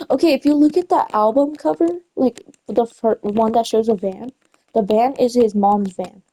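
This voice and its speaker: A woman's voice: mid-range voice, warm tone, rough recording. A young woman chatting casually while gaming, rambling through a story and often correcting herself and losing her place. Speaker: gamer retelling a story.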